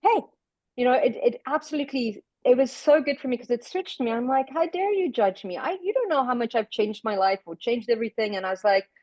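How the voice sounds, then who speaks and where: A woman from the United Kingdom chatting on a podcast about spiritual work, animated and reflective, often repeating words as she talks. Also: fairly high pitch, fairly quick, no echo, lo-fi sound. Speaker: podcast guest, spiritual practitioner. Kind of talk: casual podcast conversation.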